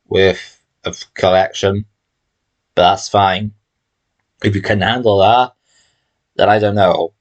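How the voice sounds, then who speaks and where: A man speaks in a rather low voice at an unhurried, drawn-out pace. He talks casually and chattily to camera, wandering between thoughts and landing hard on his opinions. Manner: chatty, rambling, emphatic opinions. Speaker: channel host showing his film collection. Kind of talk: casual vlog talk to camera.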